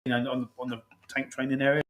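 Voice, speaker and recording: A man's voice: medium pitch, level tone, a bit bright. A man hosting a casual podcast chat, rambling and swearing freely, calling his guest "mate". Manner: rapid, rambling, heavy swearing, lots of "mate". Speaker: podcast host.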